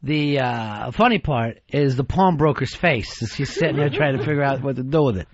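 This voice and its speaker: A man hosting a radio talk show, teasing his co-host with crude insults and deadpan dark jokes. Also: medium pitch, normal speed. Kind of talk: crude comedic radio banter. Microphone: studio microphone. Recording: dull dry radio studio sound.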